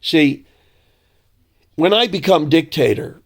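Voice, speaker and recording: A man ranting in angry, sarcastic commentary with a gravelly voice. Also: on the high side, lively intonation, slow.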